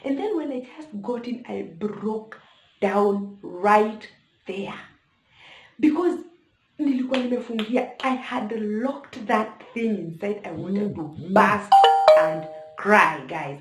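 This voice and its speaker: Speaking slowly in a medium-pitched voice, a young Kenyan-accented vlogger shares an emotional personal story and addresses her viewers directly. The room is echoey, with slight background noise.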